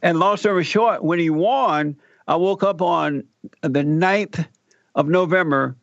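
An older man who hosts a radio talk show tells a personal story as an interview guest, animatedly acting out the quoted dialogue. His voice is on the high side, unhurried and creaky, in a dry, lo-fi recording.

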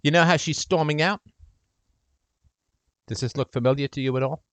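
With a voice on the higher side, a male call-in host delivers heated advice and speaks in role-play to the caller's brother, alternating between loud and hushed tones. He talks at a normal speed, and the audio has no echo.

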